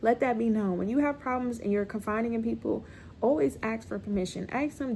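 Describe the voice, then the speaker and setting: Talking fast in a fairly high, dark-toned voice, a middle-aged woman gives a motivational to-camera talk with slight background noise. As a mental health content creator, she offers viewers direct, insistent, repetitive self-help advice.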